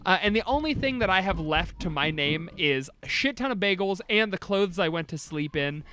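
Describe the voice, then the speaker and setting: Animated man riffing on a comedy podcast. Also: high-pitched, normal speed, a little hiss or hum. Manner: rambling, excitable, swears freely. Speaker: podcast co-host. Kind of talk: comedic casual chat.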